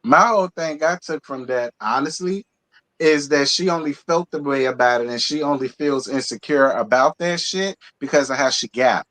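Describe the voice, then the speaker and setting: A woman's voice: extremely low pitch, moderate pace, a bit bright. A woman on a recap panel, chatting casually and with profanity. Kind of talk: casual chat.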